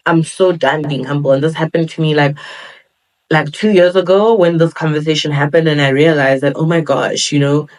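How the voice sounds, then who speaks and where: A woman's voice: deep voice, steady tone, moderate pace, low-quality recording. Earnest young woman podcast host. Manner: earnest, motivational, with playful quoted asides. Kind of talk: solo podcast talk.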